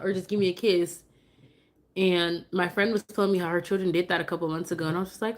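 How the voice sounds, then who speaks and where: Chatty, emotional woman, slightly low voice. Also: level tone, brisk. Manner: chatty and emotional, switching to sing-song coaxing with her toddler. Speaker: mother live-streaming at home. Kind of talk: casual live-stream chat.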